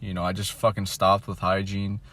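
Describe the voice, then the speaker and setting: A dejected young man venting in a candid monologue, mumbling and swearing, trailing off into quiet asides. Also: monotone, moderate pace. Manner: mumbling, trailing off, heavy swearing, mocks others in a high voice.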